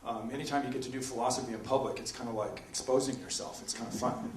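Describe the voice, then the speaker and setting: A man, a philosophy professor, giving a debate presentation in a lecture room, talking in an animated lecturing way with many ums and uhs. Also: mid-range voice, quick pace, far from the mic, very noisy. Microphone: distant from the microphone. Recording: echoey room recorded from afar.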